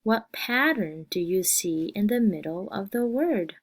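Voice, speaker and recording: A woman teaching a phonics lesson, reading word lists slowly and deliberately and asking questions. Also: mid-range voice, lively intonation. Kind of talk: slow, scripted phonics lesson.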